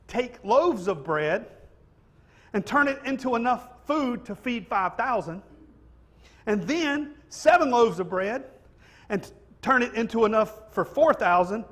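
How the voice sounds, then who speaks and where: A preacher delivering a conversational sermon in a church. His voice sits high for a man, and he keeps it light and jokey, tossing in "right?" to keep the room with him. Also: fairly bright tone. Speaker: pastor. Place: church sanctuary.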